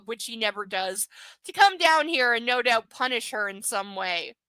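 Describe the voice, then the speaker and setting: A woman with a slightly high, bright and forceful voice reads a novel aloud in a live stream. She keeps interrupting herself with exasperated, sarcastic commentary, recorded close and dry. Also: expressive, normal speed, clean tone, dry recording, low-quality recording. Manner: sarcastic, exasperated asides with swearing. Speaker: host reading a novel aloud.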